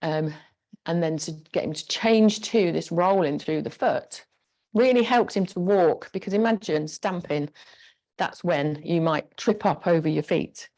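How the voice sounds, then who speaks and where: A woman's voice: lowish voice, measured pace, darkish tone. Chatty woman leading an exercise class. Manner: encouraging, chatty cueing of moves. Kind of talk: live online exercise class instruction. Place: home room with a squeaky floor. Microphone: clip-on mic pack.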